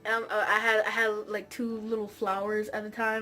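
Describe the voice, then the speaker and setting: A young woman telling a comic personal story in a vlog, dramatic and excitable, often raising her voice for effect. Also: medium pitch, moderate pace, few pauses, soft background music. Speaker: vlogger.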